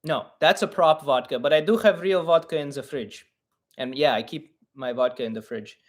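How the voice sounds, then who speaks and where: A young comedian hosts a live-stream Q&A, reading out fan questions and answering them bluntly, with plenty of swearing. He sounds mock-offended, and his voice sits a little high for a man. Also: normal speed. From Russian-Ukrainian family. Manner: blunt, profane, mock-indignant. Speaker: podcast host and comedian.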